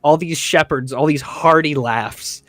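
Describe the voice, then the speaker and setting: A man running a tabletop game as dungeon master, telling the scene in a casual, animated way with lots of fillers. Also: fairly high pitch, a little slow, no echo, soft background music.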